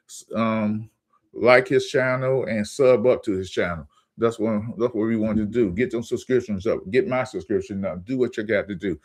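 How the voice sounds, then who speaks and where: A man hosting his own sports channel, ranting in a heated, profane way and stammering when he gets angry. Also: medium pitch.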